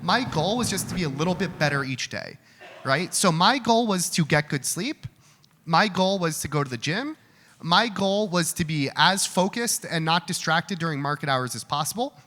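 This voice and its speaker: Bright-voiced man talking in a hall. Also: fairly high pitch, lively intonation, moderate pace. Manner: candid, conversational, repeats words when restarting. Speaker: trading speaker answering audience questions. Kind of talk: live Q&A talk. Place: event hall. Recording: hall reverb with faint room noise.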